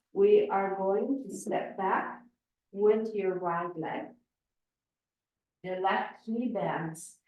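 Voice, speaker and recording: A woman yoga instructor giving slow, calm spoken cues through a class. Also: medium pitch, recorded from a distance. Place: yoga studio. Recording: echoey room, voice from afar.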